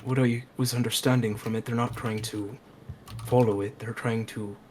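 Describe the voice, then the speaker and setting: A man at a tabletop game who talks in halting, hesitant bits. His delivery is very flat, at a middle pitch, with faint noise and typing behind.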